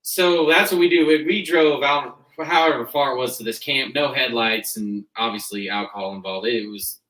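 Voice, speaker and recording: Young Kansas cowboy, lively storyteller, bright slightly high voice, roomy far-off mic. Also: male voice, moderate pace. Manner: animated, laughing through the tale, acting out quotes. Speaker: guest, rodeo cowboy. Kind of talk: casual storytelling. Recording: roomy sound from a distant mic.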